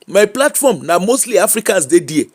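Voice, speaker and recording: A Nigerian man rants on a live stream in a voice that sits high for a man. He talks in an animated, mocking way and slips into teasing sing-song bits. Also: moderate pace. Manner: animated Pidgin rant, mocking, laughing. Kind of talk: ranting live-stream monologue.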